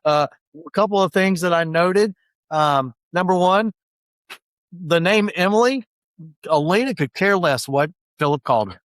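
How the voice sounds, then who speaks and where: A man's voice: high-pitched, lively intonation, measured pace, a bit bright, no room sound. A man hosting a book-club podcast, recapping chapters in a chatty, rambling way and acting out quotes. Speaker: podcast host.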